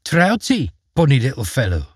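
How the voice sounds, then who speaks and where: Sneery wicked queen, as a male storyteller puts her on, raised pitch, voice swings way up and down, a bit husky. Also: wildly swooping pitch, moderate pace, no echo, clean studio sound. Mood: haughty, scornful. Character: vain wicked queen, scheming and cruel. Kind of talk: storybook reading.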